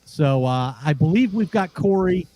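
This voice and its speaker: A man with a fairly high voice co-hosts a casual sports show. His pitch swings around a lot as he rambles through his stories, often stopping to restart a thought. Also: a little slow, a little hiss or hum. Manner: animated, rambling with restarts and laughs. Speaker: podcast co-host.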